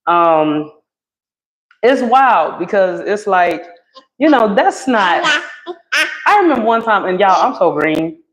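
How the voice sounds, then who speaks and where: A woman's voice: mid-range voice, very animated, slow pace, long pauses. Chatty woman livestreaming from home w her baby, voice jumps all over, laughs a lot. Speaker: livestream host. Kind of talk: casual live-stream chat. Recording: noisy home live stream.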